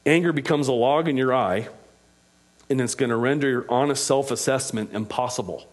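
A man preaching a sermon as pastor, with passionate delivery that rises to loud, emphatic peaks. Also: mid-range voice, a little fast.

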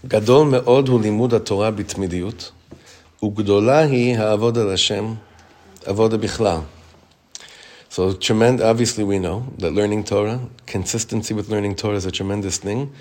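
A man teaching a Torah class as rabbi, reading text quickly and explaining it in chatty English. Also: fairly low pitch. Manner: reads Hebrew text fast, then explains it in relaxed English; chatty, with frequent restarts.

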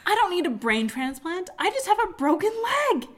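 A woman's voice: very high-pitched, big pitch swings, moderate pace, voice pushed up. A woman voicing an unlucky, distressed young girl in a story she wrote and reads aloud. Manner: distressed, pleading.

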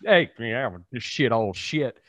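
Slow-talking man in his thirties. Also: mid-range voice, lively intonation, a bit bright, no echo. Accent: slight Southern twang. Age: 30s. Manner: drawling, profane, joking. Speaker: podcast co-host. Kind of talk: casual chat.

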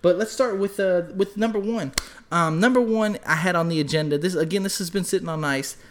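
On a casual podcast, a co-host with a high voice talks a little fast, telling loose stories packed with swearing. When he acts out quotes, he shouts.

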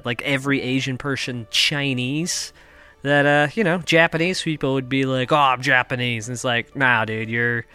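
This podcast host is a young adult man from Kansas in the United States, broadcasting from his basement at home. His mid-range voice comes across bright, forceful, clear and resonant as he wanders through a profane, self-deprecating monologue.

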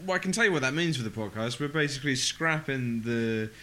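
A man's voice: mid-range voice, animated, fast talker, sharp tone. A man co-hosting a podcast, talking in a jokey, rambling way. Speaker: podcast co-host. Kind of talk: casual chat.

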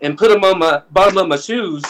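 A man's voice: high-pitched, fairly quick, slight background noise. A man co-hosting a podcast, telling casual stories, stammering and restarting, acting out what friends said. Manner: animated, laughing, acts out quoted friends. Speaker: podcast co-host. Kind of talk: casual storytelling chat.

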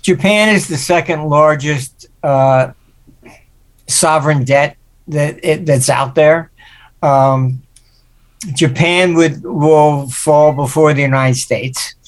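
A man's voice: on the high side, slow. An older man, a guest forecaster, telling anecdotes in an interview and acting out the voices he quotes. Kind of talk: interview storytelling.

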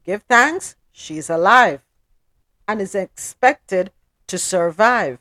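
A woman from South Florida hosting a news-recap podcast. She reads the stories evenly, then turns loud and emphatic when she gives her opinions. Her voice is mid-pitched and recorded dry and close, with no room echo. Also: animated, slow. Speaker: podcast host. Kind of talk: news recap with personal commentary.

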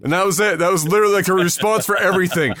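A man co-hosting a casual podcast, who laughs often, swears, and keeps adding quick remarks. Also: high voice, fairly bright tone, no echo, clean studio sound. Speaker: podcast co-host. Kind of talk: casual chat.

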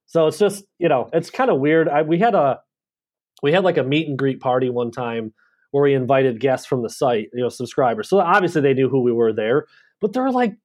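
A man speaking as a podcast guest in casual chat, modest and self-deprecating, with halting restarts. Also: mid-range voice, expressive, darkish tone.

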